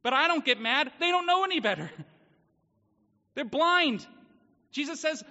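A man's voice: very high-pitched, lively intonation, normal speed, long pauses, bright, forceful tone. A man preaching a sermon as pastor, earnest and emphatic, in a church hall. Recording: muffled sound with long hall reverb.

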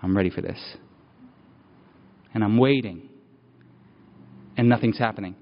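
A man's voice: on the low side, a little slow, pauses often. Man preaching in a reverberant hall. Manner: conversational, with repeated phrases and rising intensity. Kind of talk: personal sermon storytelling. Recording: dull, reverberant hall sound.

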